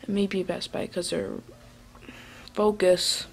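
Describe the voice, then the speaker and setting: Talking casually into a handheld phone camera indoors at home, this woman vlogs in a meandering way, full of fillers and restarts. Her mid-range voice moves a little slowly over background noise.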